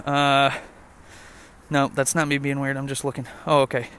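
A man's voice: medium pitch, monotone, normal speed, fairly bright tone, clean tone. A young man rambling and joking with lots of swearing while walking a trail outdoors. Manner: profane, rambling, jokey. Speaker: vlogger. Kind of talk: casual rant while walking.

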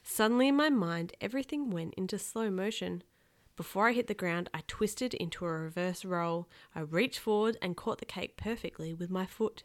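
A woman in her thirties reading a children's book aloud, lively and expressive. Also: mid-range voice, moderate pace.

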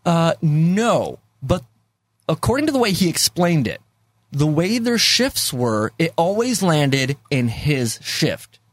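A man's voice: fairly high pitch, very animated, slow, no room sound. A man hosting a casual movie discussion podcast, rambling with many fillers and repeats, and laughing easily. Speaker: podcast host.

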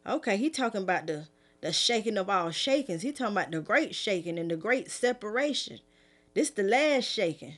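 Middle-aged woman preacher, easygoing and conversational. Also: fairly quick. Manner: fervent, pleading, raised pitch at first; relaxed conversational afterword. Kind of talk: prophetic sermon, then casual talk.

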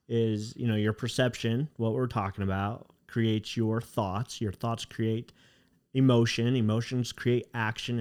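A man's voice: fairly low pitch, darkish tone. A man hosting a podcast interview, explaining an idea one step at a time. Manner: lays out ideas as step-by-step chains. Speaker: podcast host. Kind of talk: casual interview chat.

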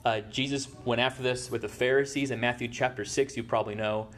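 A man's voice: medium pitch, steady tone, fairly quick, fairly bright tone, a little hiss or hum. A man preaching a sermon as pastor, in a conversational way, often checking in with "right?". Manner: conversational, tags points with "right?".

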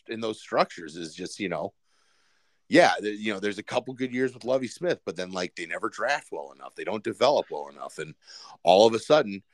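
A man's voice: lowish voice, dry recording. Guy rambling about football, lots of you-knows, dry close sound. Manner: rambling, many fillers and restarts. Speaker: podcast co-host. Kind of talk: casual sports chat.

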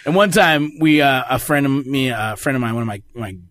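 A man's voice: medium pitch, brisk, no echo. A man, a voice actor and comedian, telling stories in casual podcast chat, full of fillers. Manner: animated storyteller, many fillers.

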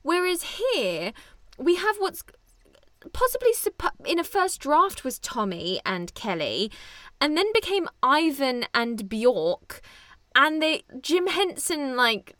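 A woman co-hosting a casual podcast chat, explaining at length and laughing easily. Her voice is high and very lively, with a bright, sharp tone. She sounds close and dry. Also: slow, dry recording. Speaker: podcast co-host.

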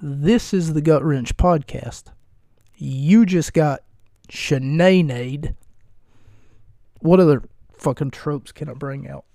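A man's voice: on the high side, slow, creaky, long pauses, warm tone, dry recording, studio quality. A man hosting his own podcast, recapping and bantering in a wry, rambling, profane, self-mocking way. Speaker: podcast host.

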